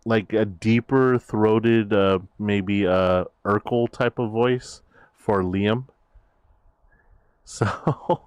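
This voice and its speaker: A man's voice: fairly low pitch, fairly even intonation, extremely slow, darkish tone, clean tone, no room sound. A man chatting casually on his stream, rambling with many fillers and restarts. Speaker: VTuber streamer.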